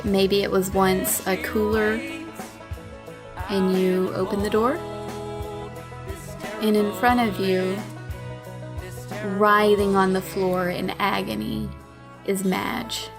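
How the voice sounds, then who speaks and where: A woman narrating a tabletop role-play game as game master, relaxed and casual, with fillers and laughs. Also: mid-range voice, takes it slowly, long pauses, over music.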